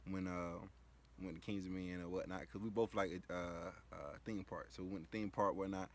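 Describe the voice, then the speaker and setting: A man's voice: low-pitched, steady tone, brisk, slight background noise. A man casually telling a story, rambling and slangy, with lots of filler phrases. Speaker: vlogger.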